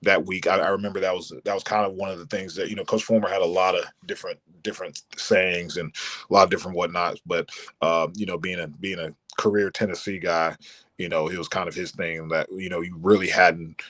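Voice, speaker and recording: A former college football player, talking relaxed and laid-back as a guest. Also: male voice, low-pitched, a little fast, dry recording. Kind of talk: casual interview chat.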